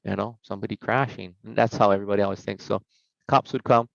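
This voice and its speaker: A man's voice: fairly low pitch, fast, gravelly, dry recording. A middle-aged man tells stories casually as a podcast guest, acting out the voices he quotes. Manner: animated, acts out quoted voices. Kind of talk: casual storytelling. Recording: slightly dull, dry podcast sound.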